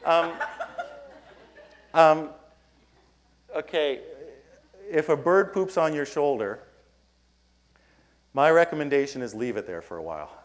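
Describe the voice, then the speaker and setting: A keynote speaker addresses an audience in a conference hall, telling a story and acting out his own lines in a raised voice. His voice is a little high and expressive, and he speaks slowly with frequent pauses.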